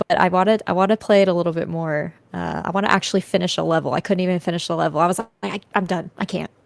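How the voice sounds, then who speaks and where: A woman's voice: lowish voice, fairly even intonation, very fast, creaky, dry recording. A woman co-hosting a podcast, chatting casually and laughing at herself. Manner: laughing, self-deprecating. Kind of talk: casual chat.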